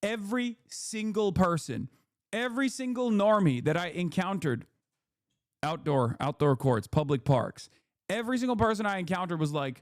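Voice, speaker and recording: Here a political commentator on a casual livestream rants with heat, sarcasm and swearing. His voice sits high and is expressive, moving at a moderate pace, captured in a dry, studio-quality recording.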